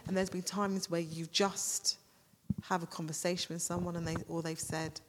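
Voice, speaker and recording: A woman who leads a ministry joins a podcast as a guest for a casual talk about faith, speaking at a moderate pace in a fairly low voice. She searches for words, breaks off her sentences, and gets animated when amused. The recording has long reverb and a little hiss or hum.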